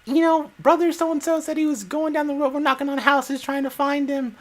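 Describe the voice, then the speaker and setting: A man voicing a protective middle-aged church woman searching for someone, in a raised, high-pitched voice. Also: steady tone, fairly quick, fairly bright tone. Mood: urgent.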